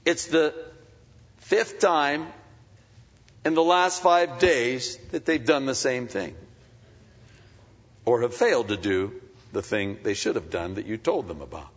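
A man preaching a sermon as a pastor, swinging between loud emphatic peaks and soft confiding asides. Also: mid-range voice, expressive, takes it slowly, long pauses. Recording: dull, muffled sound with long hall reverb.

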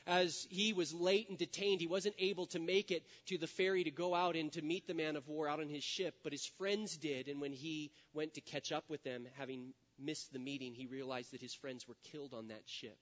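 A man's voice: a little high, fairly even intonation, a little fast, few pauses, a bit bright. A man preaching a sermon in a church, telling a story in an earnest way. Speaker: pastor. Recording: dull sound with long hall reverb.

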